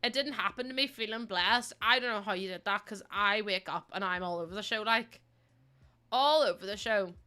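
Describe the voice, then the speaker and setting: A woman's voice: medium pitch, normal speed, bright, forceful tone. A young woman chatting casually to viewers on her livestream, sleepy, rambling and giggling often. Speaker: streamer.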